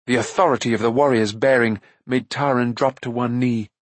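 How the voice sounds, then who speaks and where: A man narrating a fantasy novel aloud with an even storytelling delivery. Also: medium pitch, brisk, no echo. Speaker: audiobook narrator. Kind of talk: scripted narration.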